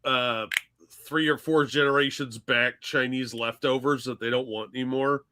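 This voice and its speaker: A man's voice: mid-range voice, fairly even intonation, moderate pace, pushed and bright, slight background noise. A man co-hosting a casual political chat show, bantering in a dismissive, sardonic way. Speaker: show co-host.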